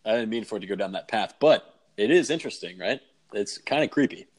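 A man's voice: fairly low pitch, animated, fast talker. A young man hosting a casual podcast, laid-back and chatty, swearing and using lots of filler words. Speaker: podcast host. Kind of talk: casual chat.

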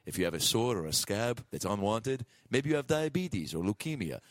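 A man voicing a mock resort commercial announcer in a slow, low, smooth sales delivery. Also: big pitch swings. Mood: salesy.

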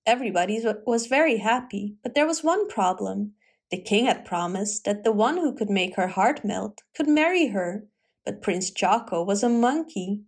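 A woman reading a fairy tale aloud in a gentle, expressive storytelling manner. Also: mid-range voice, moderate pace.

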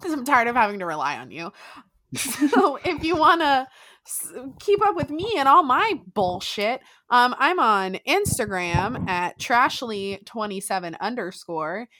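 A young woman speaking a little slowly, with a voice on the high side, co-hosts a podcast. The casual chat is lively and giggly, and she laughs often and swears freely.

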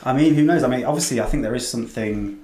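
A man's voice: mid-range voice, quick pace, a little mellow. A man co-hosting a casual podcast chat, chatty and full of hedging fillers. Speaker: podcast co-host. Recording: echoey room.

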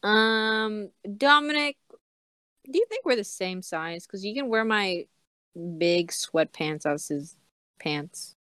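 A woman's voice: mid-range voice, animated, sharp tone, smooth, dry recording. Bossy joking woman on a call. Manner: bossy, joking, quick to laugh. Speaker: organizer of a group parody film. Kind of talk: casual chat on a group call. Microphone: video call.

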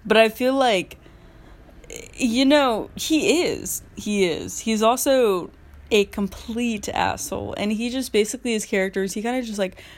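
A teenage girl hosting a casual solo podcast, rambling with constant "like" fillers. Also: mid-range voice. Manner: rambling, heavy use of "like" fillers. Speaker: podcast host.

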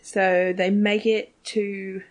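Animated swearing woman recapping a show. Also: medium pitch, slow. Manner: animated, swears freely, acts out characters. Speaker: podcast co-host. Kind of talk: casual recap chat.

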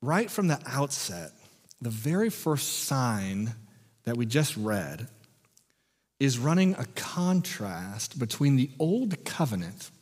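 With a middle-range male voice echoing through a reverberant church sanctuary, an American pastor delivers a sermon conversationally. He keeps things light with small jokes and frequently restarts his phrases.

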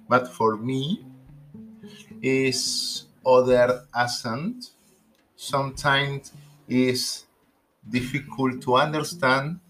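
Slow-talking man with Spanish as his first language. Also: medium pitch, a bit bright, low-quality recording. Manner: slow, halting, careful non-native phrasing. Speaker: English learner in a conversation. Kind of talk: casual conversation.

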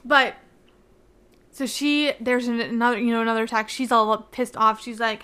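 Chatty young woman with a higher voice. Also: normal speed, clear, resonant tone. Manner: chatty, heavy use of "like" fillers; excitable, avoids spoilers. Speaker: book reviewer. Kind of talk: casual book recap.

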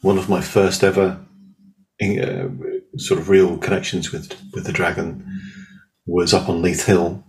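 Deep guy, calm meditation voice, chatty when telling stories. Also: low-quality recording. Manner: slow and soothing in meditation, animated storyteller. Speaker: guest, spiritual healer and teacher. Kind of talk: guided meditation and casual storytelling.

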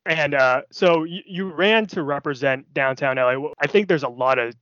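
Halting joking podcast host, man. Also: fairly high pitch, fairly bright tone, no room sound. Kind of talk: casual podcast chat. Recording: dull dry lo-fi sound.

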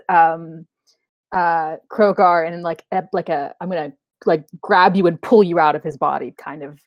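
A woman at a tabletop game, slightly low-voiced, describing her character's moves in a rambling stream of fillers. The sound is close and dry. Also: dry recording. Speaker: player.

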